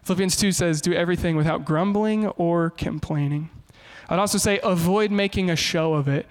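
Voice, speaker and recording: Male pastor, high-pitched, lively preacher, big echoing hall. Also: moderate pace, hardly any pauses. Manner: animated, shifts into quoted voices. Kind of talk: sermon.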